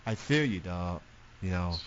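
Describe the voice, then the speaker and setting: A man's voice: deep voice, expressive, a little slow, dull audio, a little hiss or hum. A man from the southern United States co-hosting a radio show, chatting casually, often restarting and repeating words. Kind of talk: casual banter.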